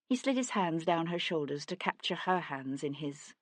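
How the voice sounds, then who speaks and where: A woman narrating an audiobook in a measured, dramatic reading. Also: fairly low pitch, lively intonation, dry recording. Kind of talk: scripted narration.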